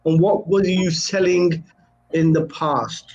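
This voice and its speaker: High-voiced playful male host, lo-fi. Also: fairly even intonation, slow, a little mellow, soft background music. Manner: playful, hesitant, many fillers. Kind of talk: live online chat.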